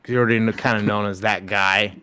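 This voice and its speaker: Brief: excitable male comedian, smooth clear voice, casual banter. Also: fairly low pitch, fast. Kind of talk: casual comedy podcast chat.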